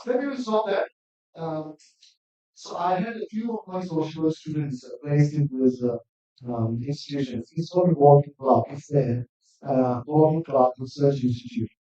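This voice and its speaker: A man gives an earnest academic presentation, his mellow voice sitting a little high. He is recorded from far off in a large, echoing lecture hall. The sound is dull and muffled. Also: normal speed. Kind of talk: conference presentation. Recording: distant mic in echoey hall, dull sound.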